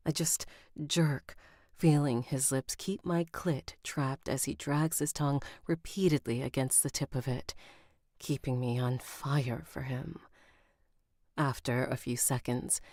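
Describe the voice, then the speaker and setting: A woman's voice: low-pitched, darkish tone, dry recording, studio quality. A woman recording an audiobook on a live stream, rereading lines and stopping to comment and laugh at herself. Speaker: audiobook narrator.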